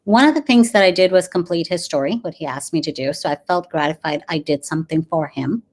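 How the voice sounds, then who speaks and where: A woman in her forties, a dentist and grief coach, talking earnestly in an interview with many pauses and fillers. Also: deep voice, a little mellow. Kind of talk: conversational interview.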